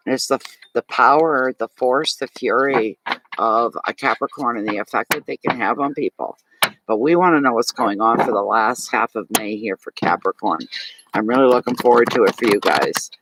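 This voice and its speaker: A man's voice: mid-range voice, moderate pace, background noise. A man with a Maritime Canadian accent giving a live tarot reading, talking chattily and animatedly to his viewers and answering chat comments. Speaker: tarot reader.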